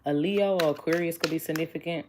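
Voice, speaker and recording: A woman's voice: deep voice, steady tone, fast, noisy background. A chatty woman doing a casual tarot reading, blunt and joking with her viewers. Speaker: tarot reader.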